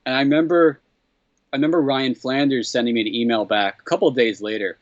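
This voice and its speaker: Interviewed as a comedy writer, a man retells a story with animated energy, jumping into a higher voice to act out what others said, laughing along and repeatedly saying "what the hell." He speaks fast; the sound is dry, a bit dull, lo-fi and without echo.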